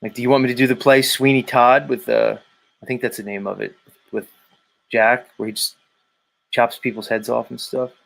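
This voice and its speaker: This livestream host speaks at a moderate pace in a medium, slightly bright voice with vocal fry and little pitch movement. Chatting casually and going through viewer comments, he rambles, swears, and thinks aloud with lots of fillers.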